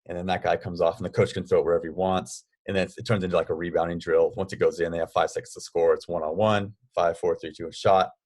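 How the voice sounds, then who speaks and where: A man's voice: low-pitched, flat delivery, quick pace, few pauses, darkish tone. A man co-hosting a casual podcast, explaining basketball drills step by step. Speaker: basketball coach, podcast co-host.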